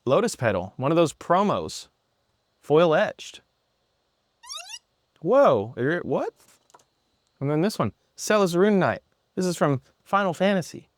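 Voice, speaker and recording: A man presenting an app in a product demo, talking excitedly and a bit sarcastically in an indoor room. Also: fairly high pitch, measured pace, long pauses, no room sound, studio quality.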